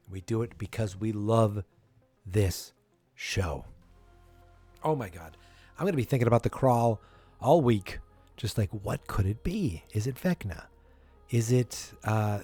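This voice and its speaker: A man's voice: fairly low pitch, mellow, no echo. A man hosting a solo podcast, speculating as a fan in a rambling, earnest way with many restarts. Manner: earnest, fannish enthusiasm. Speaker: podcast host.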